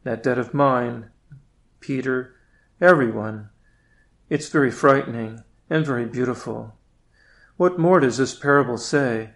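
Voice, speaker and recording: A man's voice: mid-range voice, unhurried, creaky, pauses often, fairly bright tone. A male priest giving a reflective prayer meditation, at times speaking directly to Jesus.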